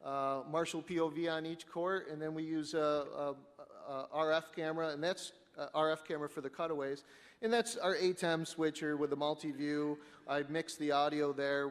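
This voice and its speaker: A man on a conference panel describing his live sports production setup, talking haltingly with many fillers and restarts. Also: on the high side, flat delivery. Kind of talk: panel discussion, technical explanation. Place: conference hall. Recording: echoey conference hall.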